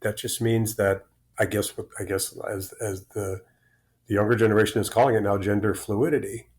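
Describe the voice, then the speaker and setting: Speaking at a normal pace, this podcast guest in his sixties has a lowish, darkish voice with a steady tone. He shares personal stories openly and conversationally, rambling, restarting and repeating words often.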